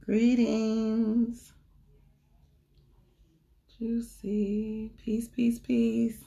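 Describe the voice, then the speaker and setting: A woman's voice: fairly high pitch, monotone, very slow, vocal fry, dark tone. A young woman, a spiritual reader, chatting casually on a livestream, greeting viewers and talking to the chat.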